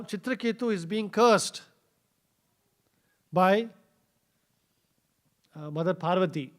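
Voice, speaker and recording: A man giving a scripture class in a temple, telling a story with many fillers and pauses. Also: a little high. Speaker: scripture speaker. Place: temple hall.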